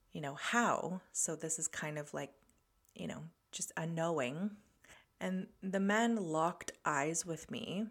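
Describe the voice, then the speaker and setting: A woman's voice: sits low, a bit bright. A woman hosting a podcast, telling a personal travel story in a reflective, conversational way with light laughs. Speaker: podcast host.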